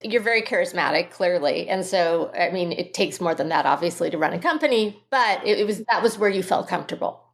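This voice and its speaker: A woman's voice: lowish voice, expressive, a little fast, hardly any pauses. A woman hosting a podcast, asking her guest questions and affirming her answers in easy conversation. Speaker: podcast host. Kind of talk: interview questions.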